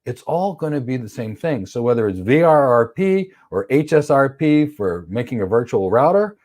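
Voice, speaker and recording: A man runs a livestream lesson, answering viewer questions about cloud architecture in a blunt, opinionated way. His voice sits at a typical middle pitch for a man. He sometimes acts out quick examples in playful voices. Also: sing-song, darkish tone. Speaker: cloud certification instructor. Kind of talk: livestream Q&A teaching.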